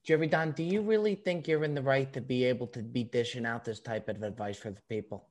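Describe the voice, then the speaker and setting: A man's voice: mid-range voice, quick pace, a little mellow. A man hosting a podcast, teasing his co-host with playful exasperation in casual comedic banter.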